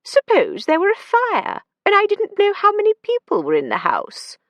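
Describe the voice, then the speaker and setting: Genteel elderly landlady, thin and fussy, high and lively, as a woman narrator puts her on. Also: moderate pace, no echo, highs cut off, full character voice. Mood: prim. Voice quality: thin, prim.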